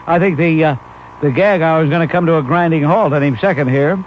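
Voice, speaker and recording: A man's voice: a little high, fairly quick, a little hiss or hum. A man hosting a call-in talk radio show, blunt and dismissive as he scores callers. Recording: 1991 AM radio broadcast, muffled.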